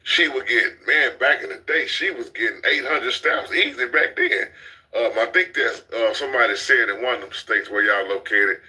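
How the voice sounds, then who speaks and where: A man, hosting a casual commentary chat. His voice is very bright and ringing at a middle pitch. He talks bluntly and preaches, hammering the same points again and again. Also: normal speed, rough recording. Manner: blunt, preachy, repeats himself. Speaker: commentary channel host.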